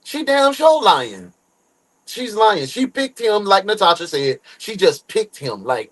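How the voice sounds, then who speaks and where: A man hosts a true crime reaction stream. His voice sits high for a man. He talks loose and slangy, swears freely and reads viewer comments aloud as he reacts. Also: very animated, unhurried, fairly bright tone, rough recording.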